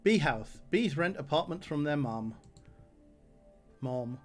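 Slow-talking male game streamer. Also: on the high side, lively intonation, faint music behind. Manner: reads item text aloud with dry jokes, many fillers. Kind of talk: game livestream commentary.

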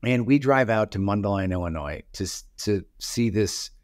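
A man's voice: lowish voice, animated, normal speed, no room sound, clean studio sound. A man in his forties telling a childhood story in a casual, rambling way, full of fillers and restarts.

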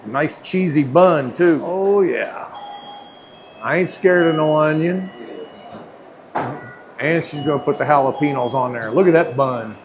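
A man's voice: fairly high pitch, a little slow, long pauses, noisy background. A man, chatting casually and folksy as he films a food review vlog in a sandwich shop. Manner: folksy, chatty, playful slang. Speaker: food vlogger.

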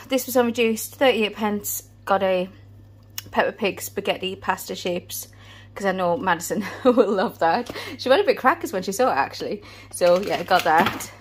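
A woman's voice: mid-range voice, a little hiss or hum. A British woman in her thirties, out of breath, chatting casually through a family shopping haul. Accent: British English. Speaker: family vlogger. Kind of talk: casual vlog chat.

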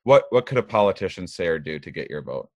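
Deep-voiced halting man hosting a podcast. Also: sing-song, darkish tone, no echo, highs cut off. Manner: halting, stumbling over his question. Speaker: podcast host. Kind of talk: conversational podcast interview.

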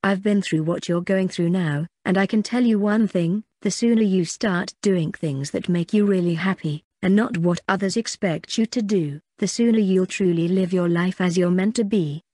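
A woman's voice: on the low side, normal speed, few pauses, mellow, dry recording, studio quality, natural voice. A woman reading the lines of an easygoing adult brother who talks casually while giving advice. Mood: earnest.

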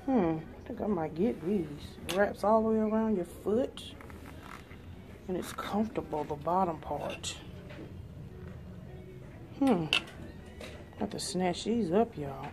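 A woman's voice: on the low side, slow pace, long pauses. A woman, chatting folksily to her viewers as she vlogs. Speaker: vlogger. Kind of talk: casual vlog chat. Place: shops and stores. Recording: noisy store recording.

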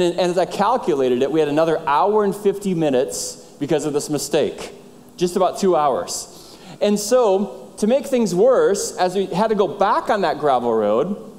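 Animated man preaching in a reverberant church. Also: on the high side. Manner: animated storyteller, acts out dialogue. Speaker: pastor. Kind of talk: sermon storytelling. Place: church sanctuary.

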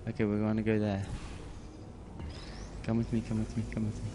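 A man's voice: lowish voice, completely flat delivery, a little fast, noisy background. A man commentating on a game he is playing, muttering to himself with sudden bursts of outrage. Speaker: gameplay commentator. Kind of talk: let's play commentary.

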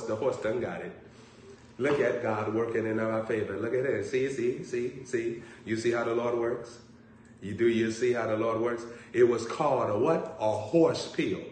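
A man preaching a sermon, telling jokes and stories in a drawling way. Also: medium pitch. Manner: storytelling, joking, drawling, slow. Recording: echoey room, distant mic, faint background hum.

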